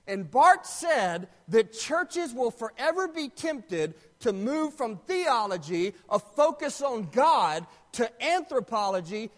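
A male pastor delivers a sermon in a strikingly high voice that swoops lively up and down. He preaches emphatically and asks his congregation questions. His voice rings with the long reverb of a large sanctuary.

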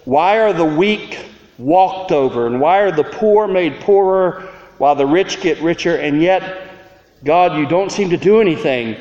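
A man's voice: high-pitched, a little mellow. A man preaching a sermon as a pastor, earnest and questioning, building to rhetorical peaks. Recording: roomy hall reverb, dull sound.

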